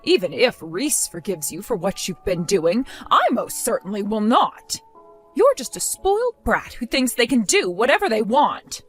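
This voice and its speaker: A woman's voice: on the high side, big pitch swings, moderate pace, slightly rough, soft background music. A woman voicing a stern, scornful older mother-in-law who scolds and accuses. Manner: cold, scolding, contemptuous. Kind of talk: text-story voice acting.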